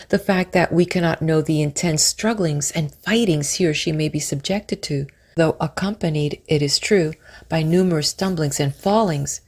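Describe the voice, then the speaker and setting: A woman narrating an old book of spiritual prose aloud, reading in measured, drawn-out phrases that sometimes sink to a whisper. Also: sits low, a little mellow. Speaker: audiobook narrator.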